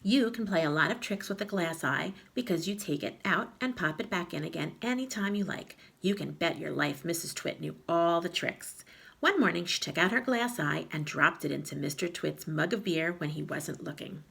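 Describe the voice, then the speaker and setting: Gravelly woman reading a storybook aloud. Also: fairly low pitch, normal speed. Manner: lively, slightly gravelly, with small slips. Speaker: reader of a children's book.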